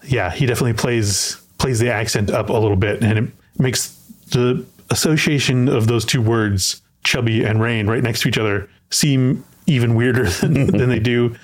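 A man's voice: medium pitch, normal speed. A man hosting a podcast, chatting casually about a film and often repeating words as he thinks aloud. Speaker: podcast host.

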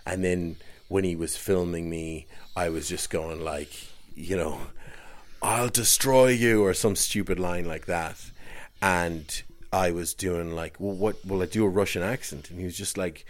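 A man's voice: low voice, fairly even intonation, a little slow. An Irish man telling a long, rambling story in casual chat, often restarting his sentences and laughing as he goes. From Ireland.

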